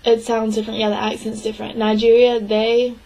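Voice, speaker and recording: A woman's voice: a little high, monotone, warm tone, low-quality recording. Young woman voicing a signed interview. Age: young adult. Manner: halting, in short broken phrases with restarts; clears her throat often. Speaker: sign language interpreting student.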